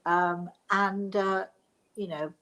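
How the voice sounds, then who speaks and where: A woman's voice: medium pitch, steady tone, slow, a bit bright, poor audio. An older woman from England, hosting a live stream as a spiritual medium and telling a rambling personal story with many restarts.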